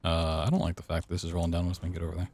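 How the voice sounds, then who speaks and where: A young man casually chatting to his viewers while speedrunning a game, relaxed and playful. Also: deep voice, racing, vocal fry. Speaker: speedrunning streamer. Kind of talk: casual live-stream commentary while playing.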